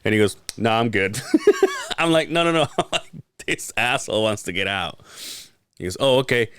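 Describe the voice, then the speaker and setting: Low-voiced man telling a profane story. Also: moderate pace, clear, resonant tone, dry recording, clean studio sound. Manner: profane, animated storytelling with acted-out quotes. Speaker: podcast co-host. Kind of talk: casual storytelling chat.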